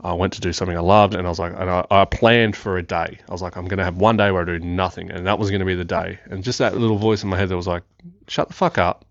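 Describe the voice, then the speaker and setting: A young man with a lowish voice tells a rambling, excitable story, swearing and laughing as he goes. The recording is dry, with a slightly dull, muffled tone. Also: racing, gravelly, hardly any pauses, dry recording. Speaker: podcast host. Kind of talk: casual storytelling.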